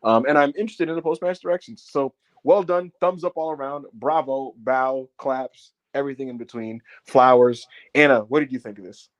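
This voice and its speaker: A man's voice: medium pitch, normal speed, hardly any pauses, no echo, dull audio. A man co-hosting a wrestling podcast, giving a casual, profane review, laughing often and acting out what people said. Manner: profane, laughing, acts out quotes.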